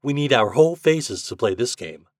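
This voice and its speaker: A man voicing an eager young boy who leads the party games and gives brisk orders. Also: mid-range voice, animated, no room sound, clean studio sound, lightly acted. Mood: bossy.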